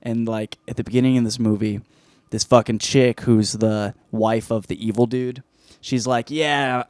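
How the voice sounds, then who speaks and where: A man's voice: mid-range voice, steady tone, moderate pace, darkish tone, dry recording. Rambling, profane man in a dry room. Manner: rambling, profane, self-interrupting. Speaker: podcast host. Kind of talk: casual film review chat.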